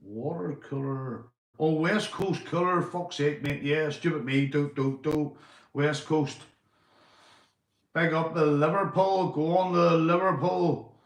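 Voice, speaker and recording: A Northern Irish man live-streaming from home, chatting casually, swearing and giving shout-outs to his viewers. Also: fairly high pitch, fairly even intonation, slow, roomy sound. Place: indoors at home.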